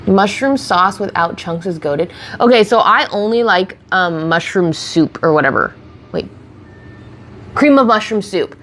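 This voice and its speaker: In an unhurried, animated way, a woman with a medium-pitched, slightly bright voice rambles through a casual get-ready-with-me stream. She answers viewers' questions into a close streaming mic, with a little hiss or hum audible.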